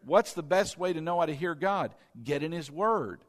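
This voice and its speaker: Preacher with high voice in echoing hall. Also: male voice, lively intonation, normal speed. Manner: call-and-response with congregation, conversational storytelling. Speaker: pastor. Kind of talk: sermon. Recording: long reverb of a church hall.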